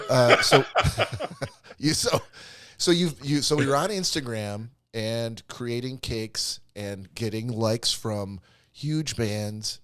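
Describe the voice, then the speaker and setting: Low, bright-voiced man hosting a podcast. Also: no room sound. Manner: rambling, stop-start questions, quick to laugh. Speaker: podcast host. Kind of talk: casual podcast chat.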